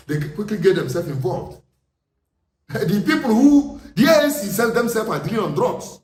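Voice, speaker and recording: Nigerian man in an echoey room. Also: high voice. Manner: forceful, rhetorical questions. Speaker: commentator. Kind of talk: impassioned political monologue. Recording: echoey room, distant mic, faint noise.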